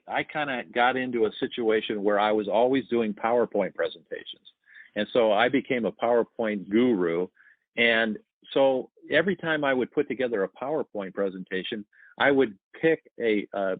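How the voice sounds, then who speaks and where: A man's voice: mid-range voice, a little fast, dry recording. Man in his sixties, sales veteran, anecdotal storyteller; dry, phone-quality line. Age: 60s. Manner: storytelling, acts out quoted dialogue. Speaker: sales guest. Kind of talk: casual podcast chat.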